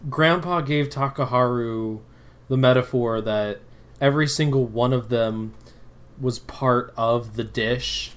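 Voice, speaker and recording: A man co-hosting a casual podcast at a mid pitch, joking dryly. He mixes in wry asides and the odd curse as he talks. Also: slow. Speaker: podcast co-host. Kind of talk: casual fan chat.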